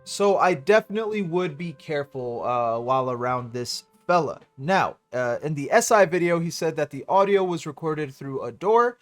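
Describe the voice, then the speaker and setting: A man's voice: a little high, lively intonation, moderate pace, few pauses, soft background music. A man hosting a react channel, giving sarcastic casual commentary with swearing. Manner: sarcastic, swearing, laughs between words.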